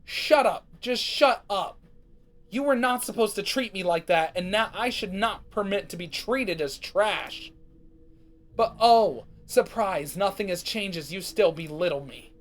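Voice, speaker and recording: A man voicing an excitable young female pony who turns bitter and scolding. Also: high-pitched, unhurried. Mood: angry. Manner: bubbly, then sharply scolding.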